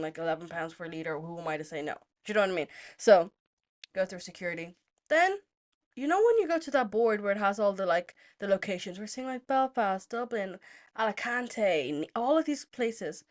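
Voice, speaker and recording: A young woman from Zimbabwe hosts her own podcast at a mid-range pitch. She talks in a loose, animated, chatty way, full of "like" and the odd swear word. She slides from a personal story into political commentary without changing her easy tone. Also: fast. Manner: animated, chatty, heavy use of "like", swears freely. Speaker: podcast host.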